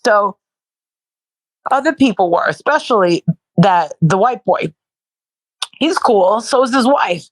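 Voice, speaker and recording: A woman's voice: mid-range voice, lively intonation, takes it slowly, pauses often, no room sound, rough recording. A woman being interviewed in casual chat, talking bluntly and profanely and repeating herself in bursts. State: sore and worn out from protesting. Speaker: interview guest.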